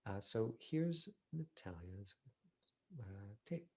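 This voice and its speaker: A man's voice: lowish voice, big pitch swings, slow. A middle-aged man teaching an online acting class, talking casually with many fillers as he reviews a student's self-tape. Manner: chatty, full of fillers and "you know".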